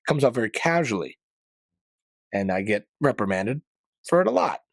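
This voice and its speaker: Chatting loosely about the news, a male podcast host goes off on rambling, opinionated asides full of slang and mild profanity. He has a husky, medium-pitched voice with big pitch swings, a moderate pace, and no room sound.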